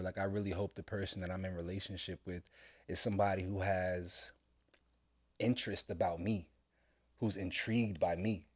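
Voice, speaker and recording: A middle-aged man talking earnestly with his son on a casual podcast, heartfelt and sometimes breaking into loud laughing storytelling. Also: low voice. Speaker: podcast co-host, father. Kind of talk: casual father-son conversation.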